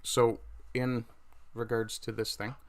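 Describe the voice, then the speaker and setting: A man hosting a casual livestream, talking with frequent fillers and pauses, with a mic right under his chin. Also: mid-range voice, level tone. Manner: hesitant, many fillers, reads chat aloud. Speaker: livestream host.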